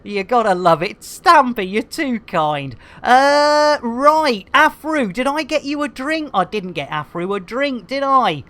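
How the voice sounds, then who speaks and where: A woman's voice: a little high, expressive, measured pace, few pauses, a bit bright. A woman streaming a game, bantering with her chat in a jokey, bubbly way, full of silly rhyming catchphrases and cheeky innuendo.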